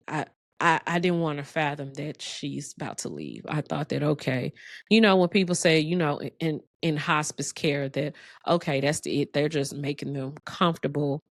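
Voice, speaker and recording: A low-voiced woman in her forties, tells a heartfelt personal story. She speaks slowly and reflectively, pausing and restarting as she goes. The recording is dry and close. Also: dry recording. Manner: slow, reflective and heartfelt, with frequent pauses and restarts. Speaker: host sharing a personal story.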